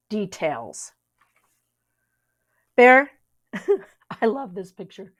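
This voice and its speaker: A woman's voice: medium pitch, big pitch swings, drawn-out words, pauses often, a bit bright. A young adult woman reading a storybook aloud, with chatty asides to young listeners. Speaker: reader.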